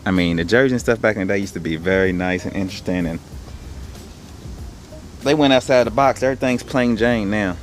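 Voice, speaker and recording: A young man chats through his haul at an easy, rambling pace, dropping slang as he goes. His voice sits a little on the low side. Soft music plays faintly underneath. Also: brisk, long pauses. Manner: laid-back, rambling, slangy. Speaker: online reseller showing his haul. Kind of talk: casual haul video.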